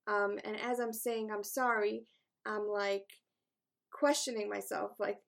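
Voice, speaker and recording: A woman's voice: medium pitch, little pitch movement, a little slow, vocal fry. A middle-aged woman teaching a class in an earnest, encouraging way, with touches of self-deprecating humor. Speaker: class instructor.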